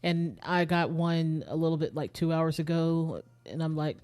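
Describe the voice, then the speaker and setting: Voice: medium pitch, moderate pace, hardly any pauses, a little mellow. Young streamer rambling to chat between game bits, kinda tired, bit out of breath. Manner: rambling, talks straight to chat. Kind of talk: casual live-stream chat while playing a game.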